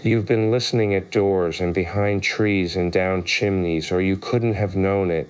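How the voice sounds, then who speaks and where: A pompous, touchy egg sitting on a wall, as read by a man in a low, smooth voice. He lectures loftily and picks arguments over every word. The voice stays deep and polished. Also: steady tone, muffled recording. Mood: lofty. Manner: lofty, argumentative, quick to take offence.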